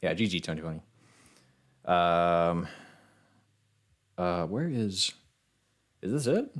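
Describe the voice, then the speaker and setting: A man's voice: low-pitched, slow. A man streaming a fighting game, chatting casually with viewers and trash-talking his opponents with plenty of swearing. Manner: excitable, profane trash talk to chat. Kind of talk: casual live-stream gameplay commentary.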